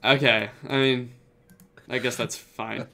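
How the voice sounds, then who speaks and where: A man's voice: medium pitch, flat delivery, takes it slowly, vocal fry, sharp tone, a little hiss or hum. A young man hosting a casual gaming chat, teasing his friends playfully.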